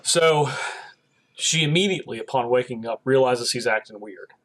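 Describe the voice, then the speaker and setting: A man with a mid-range voice, speaking at a moderate pace, summarizes an episode on the podcast he co-hosts. He keeps it chatty and animated, performing the quoted lines of each character.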